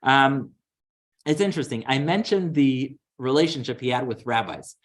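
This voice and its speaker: A man, a rabbi, giving a synagogue lecture, talking earnestly with many fillers and restarts and dropping low and quiet for the stories he tells. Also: lively intonation, normal speed.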